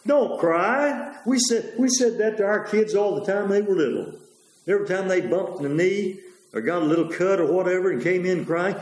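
A man preaching a sermon in a rambling way, pausing on fillers and correcting himself as he goes. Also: sits high, big pitch swings, roomy sound, rough recording.

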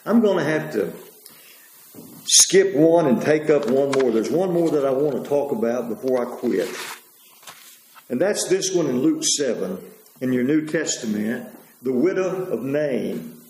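A man preaching a sermon in a rambling way, pausing on fillers and correcting himself as he goes. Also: mid-range voice, lively intonation, darkish tone, roomy sound, a little hiss or hum, rough recording.

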